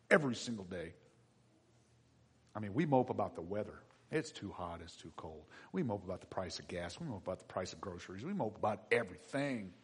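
A man preaching a sermon, asking the congregation and children questions and swinging between quiet asides and loud, emphatic build-ups. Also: medium pitch, breathy edge, long reverb tail. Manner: addresses the congregation and kids with questions. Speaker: pastor.

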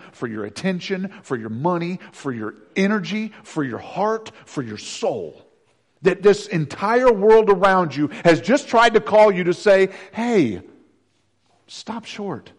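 High-voiced man preaching a sermon. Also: long reverb tail. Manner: swings from loud to hushed, acts out voices. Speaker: pastor.

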